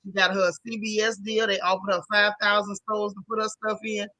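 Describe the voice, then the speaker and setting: Southern woman, livestream host, bright clear voice, dry close sound, chatty and sassy. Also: medium pitch, flat delivery, a little fast, dry recording, rough recording. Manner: chatty, greets viewers one by one, sassy slang. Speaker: show recap host. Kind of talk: casual livestream chat.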